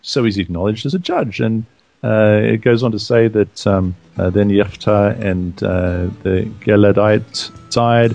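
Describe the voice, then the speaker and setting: A man's voice: fairly low pitch, unhurried, gravelly, darkish tone. A man co-hosting a conversational Bible study, thinking aloud and raising questions about the text. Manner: reflective, asks probing questions.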